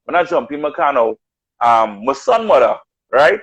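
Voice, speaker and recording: A man's voice: a little high, normal speed, gravelly, breathy edge, poor audio. A man telling stories of his music career in casual chat, acting out what others said. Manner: animated storyteller, acts out quotes. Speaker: radio announcer and artist.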